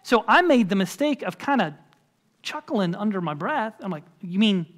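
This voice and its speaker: A man's voice: sits high, big pitch swings, moderate pace. A man preaching a sermon as pastor in a church, conversational and emphatic, with frequent filler words. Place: church sanctuary.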